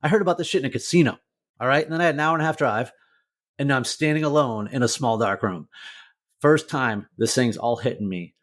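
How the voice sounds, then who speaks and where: A man's voice: medium pitch, fast, a bit bright. A middle-aged man, a motivational speaker, telling his own hard story as an interview guest, candid and emotional, swearing freely and filling with "like". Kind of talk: personal storytelling in a podcast interview.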